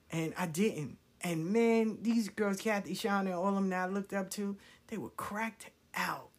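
A woman tells frank, profane, animated personal stories, swinging from hushed asides to loud outbursts. Her pitch is medium and her pace unhurried.

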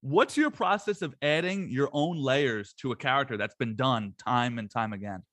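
A man's voice: mid-range voice, moderate pace, fairly bright tone, no echo. A male interviewer asking an actor polished, complimentary questions about film.

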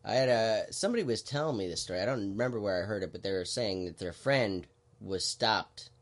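A man hosting a podcast, explaining things in a relaxed, halting way with lots of fillers. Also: fairly low pitch. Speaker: podcast host. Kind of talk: casual podcast chat.

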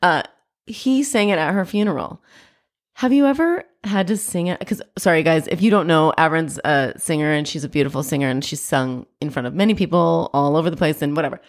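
A woman's voice: low voice, brisk. Bubbly goofy woman co-host. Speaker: podcast co-host. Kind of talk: casual chat.

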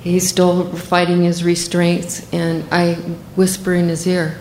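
An older woman, a physician, telling a first-person story in a measured, matter-of-fact way. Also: fairly low pitch, monotone, darkish tone, reverberant, a little hiss or hum, rough recording.

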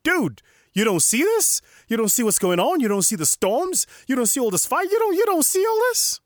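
A man voicing a panicked modern-day disciple who pleads loudly in casual slang on a boat in a storm. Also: big pitch swings, normal speed, no echo, studio quality. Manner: high, loud, pleading slang.

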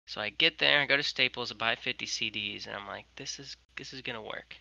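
A man's voice: mid-range voice, brisk, creaky, no echo, highs cut off. A young man, a guest on a video call, telling a long story in casual chat with lots of "like" fillers. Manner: animated, many "like" fillers. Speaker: guest, merch maker.

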